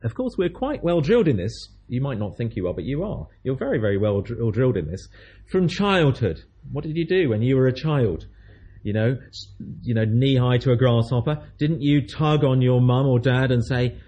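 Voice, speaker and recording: A man's voice: medium pitch, lively intonation, normal speed, mellow, breathy edge. A man preaching a sermon, telling a story in a chatty way and acting out the voices of its people.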